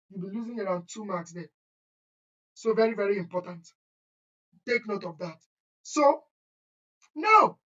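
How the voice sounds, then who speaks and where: A woman's voice: medium pitch, a bit bright. A woman teaching an online chemistry exam-prep lesson, repeating key points and often checking that students follow. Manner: repetitive, emphatic, checks understanding often. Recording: dull lo-fi audio.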